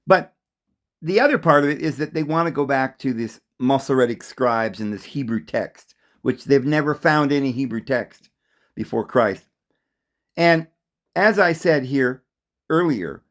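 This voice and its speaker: Male host for a religious monologue: emphatic, insistent, dry close sound. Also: no room sound. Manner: emphatic, insistent, repeats points; acts out voices calling out a name in raised pitch. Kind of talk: solo religious talk monologue.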